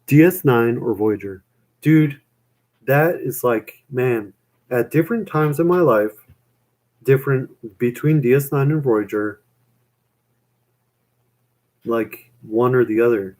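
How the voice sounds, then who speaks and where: A man's voice: medium pitch, takes it slowly, pauses often, a little mellow. A young man chatting on a live stream, rambling with lots of fillers and casual swearing.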